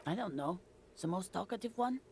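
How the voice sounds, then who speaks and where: A woman's voice: mid-range voice, lively intonation, brisk, vocal fry, darkish tone, a little hiss or hum. A woman voicing a patient, reassuring middle-aged mother in a detective game. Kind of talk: scripted game dialogue.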